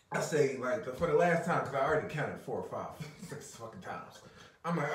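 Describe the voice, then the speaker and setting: A man's voice: mid-range voice, lively intonation, brisk. Profane, laughing man telling a story. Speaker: podcast co-host. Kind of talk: casual chat, storytelling. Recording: roomy, distant mic.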